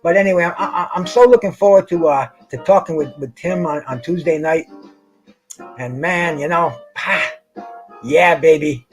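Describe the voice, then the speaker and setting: A man's voice: a little high, a little slow, faint music behind, poor audio. A middle-aged man hosting a boxing show, chatting casually, stammering and repeating words, full of slang. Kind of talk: casual solo chat.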